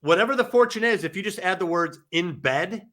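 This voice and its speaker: A man's voice: high-pitched, expressive, fairly quick, fairly bright tone. A man appearing as a guest author on a podcast, talking movies in an enthusiastic, jokey way. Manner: enthusiastic, jokey, laughs often. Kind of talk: casual film discussion.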